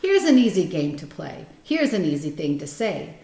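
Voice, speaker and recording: A woman's voice: low voice, very animated, moderate pace, mellow. A woman reading the part of a playful male fox in a storybook, in a bouncy, teasing sing-song. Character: playful male fox showing off tongue twisters. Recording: roomy echo.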